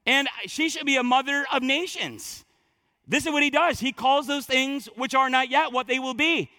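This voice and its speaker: Man, pastor, sermon, scripture reading, conversational asides, very high voice. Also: normal speed. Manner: animated, conversational preaching with asides.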